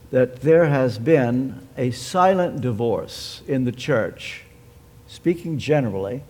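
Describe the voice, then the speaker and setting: A man preaching a sermon, measured and emphatic, posing rhetorical questions and answering them himself. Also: medium pitch, a little mellow. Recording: long hall reverb.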